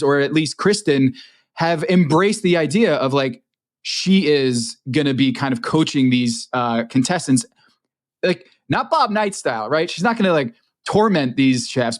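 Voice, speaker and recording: A man's voice: a little high, animated, normal speed. A man co-hosting a podcast, talking through his points in an easy, analytical way with many filler words. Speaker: podcast co-host. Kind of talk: casual chat.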